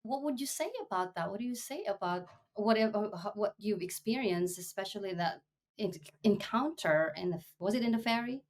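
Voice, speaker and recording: A woman's voice: medium pitch, lively intonation, a little fast. A woman from the United States hosting an interview, asking probing questions and reflecting on the answers. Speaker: interview host. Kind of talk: casual interview conversation.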